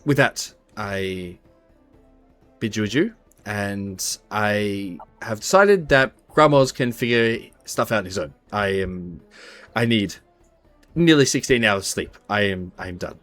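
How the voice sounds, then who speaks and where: A man playing a formal, halting noble. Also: lowish voice, animated, a bit bright, no room sound, soft background music. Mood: weary. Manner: formal, old-fashioned, halting.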